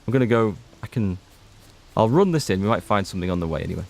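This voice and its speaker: Low-voiced Northern Irish gamer rambling. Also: male voice, expressive, fast talker, gravelly, a little mellow. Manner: chatty, rambling, self-interrupting. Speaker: gaming streamer. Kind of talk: casual let's-play commentary. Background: faint game music.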